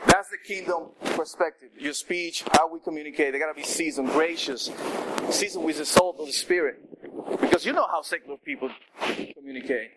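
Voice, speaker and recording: A man preaching a sermon in a conversational, animated way, with asides to the congregation. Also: a little high, fairly quick, poor audio.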